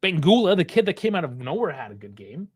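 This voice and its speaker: A man with a high voice rants through a live match reaction, swearing constantly and sounding fed up. His commentary swings between terse play calls and long frustrated tirades. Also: very animated, fast talker, breathy edge. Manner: angry, frustrated, heavy swearing.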